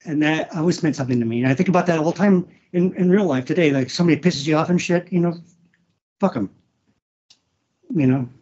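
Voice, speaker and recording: A husky, slightly high-pitched man speaks in a halting, emotional way, restarting often and swearing freely. He is a guest on a casual podcast. The sound is dull and lo-fi. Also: a little mellow. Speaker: guest, former wrestler.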